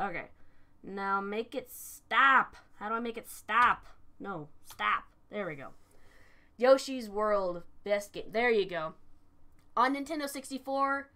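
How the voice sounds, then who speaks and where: A woman's voice: on the high side, bright, forceful tone. A young adult woman chatting casually on a live stream, telling stories animatedly, swearing freely and answering chat.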